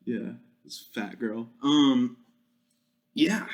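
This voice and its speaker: Young guy doing a solo podcast, crude and joking, cursing constantly, mid-pitched voice. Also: drawn-out words. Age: young adult. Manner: crude, profane, joking rant. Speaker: podcast host.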